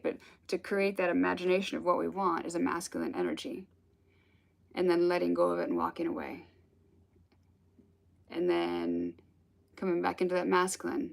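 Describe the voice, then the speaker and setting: A woman with a lowish voice and vocal fry gives a casual spiritual talk as a spiritual teacher. She tells stories in a rambling, chatty manner and laughs as she goes.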